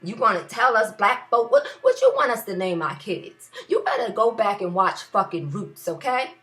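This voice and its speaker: A woman's voice: mid-range voice, animated, normal speed, fairly bright tone. A young woman with a New York area accent, ranting heatedly in a video blog, cursing and repeating phrases for emphasis. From US tri-state area. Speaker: vlogger.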